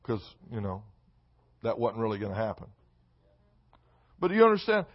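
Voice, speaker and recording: A man preaching a sermon in a church, mixing loud emphatic lines with comic asides. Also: fairly low pitch, sing-song, normal speed, muffled recording. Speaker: pastor. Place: church sanctuary.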